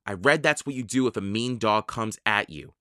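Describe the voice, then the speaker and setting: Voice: medium pitch, normal speed, fairly bright tone, dry recording, clean studio sound, lightly acted. A storyteller voicing a cautious, bookish young boy in a children's audiobook, with a worried, bossy manner. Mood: urgent.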